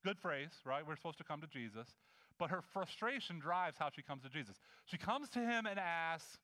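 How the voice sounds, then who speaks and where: A man preaching a sermon in a conversational, animated way, acting out the scenes he describes. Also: a little high, normal speed. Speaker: pastor.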